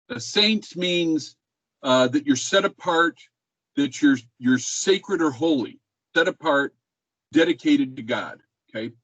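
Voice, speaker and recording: A man's voice: a little high, lively intonation, unhurried, fairly bright tone, no echo, lo-fi sound. Laid-back older man lecturing a class. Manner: conversational, laid back, asks the class questions. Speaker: music professor.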